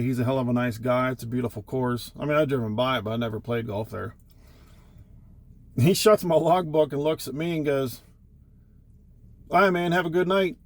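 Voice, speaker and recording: A man's voice: medium pitch, no room sound. A middle-aged man, a truck driver, telling rambling, profane road stories in a casual way. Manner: rambling, profane, wry anecdotes. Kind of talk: casual storytelling.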